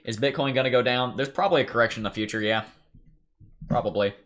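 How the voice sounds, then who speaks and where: A man's voice: medium pitch, fast talker, fairly bright tone. A young man with a light Tennessee accent, hosting a casual crypto livestream, upbeat and chatty as he reads viewer comments and talks through charts. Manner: upbeat, chatty, thinks aloud while reading charts.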